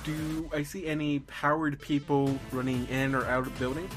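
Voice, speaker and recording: A man's voice: fairly high pitch, monotone, normal speed, music in the background. A man playing a character in a tabletop role-playing game, talking hesitantly with many uhs and restarts. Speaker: player. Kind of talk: casual tabletop role-play.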